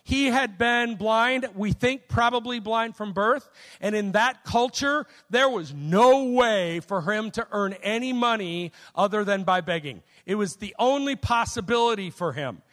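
A man's voice: high-pitched, expressive, measured pace, a bit bright. A man preaching a sermon in a conversational way, often checking in with his listeners. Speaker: pastor. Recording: long hall reverb.

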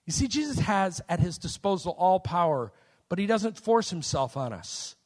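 A man's voice: sits high, very animated, normal speed. A man preaching a sermon in a conversational way, often checking in with his listeners. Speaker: pastor. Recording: long hall reverb.

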